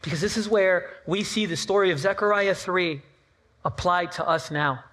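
A pastor with a high-pitched, fairly bright voice gives a sermon at a church service at a moderate pace. The long reverb of a large hall surrounds him. He keeps it loose, repeating himself and dropping in playful side comments.

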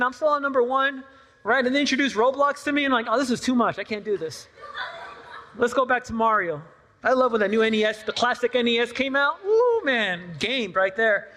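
Preaching at a church service, this pastor has a high-pitched, sharp-toned voice that echoes with a big hall's long reverb. His style is relaxed and chatty, circling back over his points and slipping in playful remarks.

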